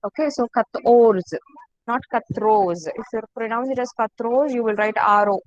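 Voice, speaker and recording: A woman teaching an online class, slowly repeating each word for her students. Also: fairly high pitch, a bit bright, dry recording, dull audio. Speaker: French teacher.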